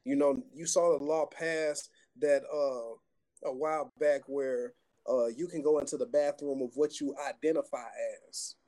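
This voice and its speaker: A man's voice: medium pitch, steady tone, normal speed, mellow. A man giving earnest, preachy commentary in a casual faith conversation.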